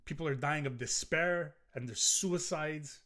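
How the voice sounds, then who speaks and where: A man's voice: on the high side, unhurried, a bit bright. A middle-aged man hosting a solo podcast, ranting in a profane, rambling way with frequent restarts. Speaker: podcast host.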